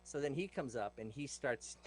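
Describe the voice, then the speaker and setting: A man at a medium pitch, talking as a show guest in a casual, animated way. He uses plain words and many fillers, and now and then slips into lively impressions of himself speaking to a room. The tone stays conversational and direct. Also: moderate pace, a little hiss or hum, rough recording. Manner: animated, acts out what he told the class; loose, plain-spoken, lots of fillers. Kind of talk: casual interview storytelling.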